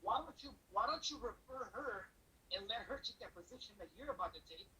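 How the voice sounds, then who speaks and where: A man's voice: high-pitched, expressive, bright, forceful tone, slight background noise, low-quality recording. A man quoting a blunt, doubtful mother. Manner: scolding, quick to jump to conclusions. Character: worried, blunt Mexican mother.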